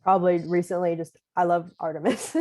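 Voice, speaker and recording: A young actress chatting in a relaxed, hesitant way as a podcast guest, using lots of fillers and laughing easily. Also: female voice, on the low side, fairly quick. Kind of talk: casual interview.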